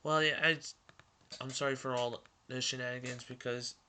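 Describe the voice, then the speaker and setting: A man hosting a casual vlog and reading a storybook aloud, talking in an excited ramble full of restarts. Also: medium pitch, normal speed, a little hiss or hum. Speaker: host.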